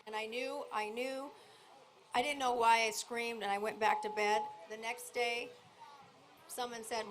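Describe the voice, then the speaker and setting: A high-voiced middle-aged woman speaks at a memorial, rambling and full of feeling, sometimes calling out loudly. Clear background noise from a live event sits behind her voice. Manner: emotional, rambling, sometimes shouting. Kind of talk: emotional memorial speech.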